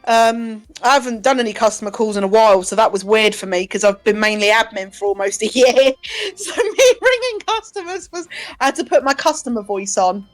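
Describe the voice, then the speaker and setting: A woman's voice: mid-range voice, a little fast, hardly any pauses. A young woman chatting casually on a live stream as co-host, laughing often and swearing now and then. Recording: faint music behind.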